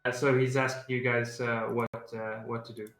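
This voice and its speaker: A man running an online tabletop game as game master, pausing often with fillers. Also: mid-range voice, little pitch movement, a bit bright, reverberant. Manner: hesitant, many filler pauses.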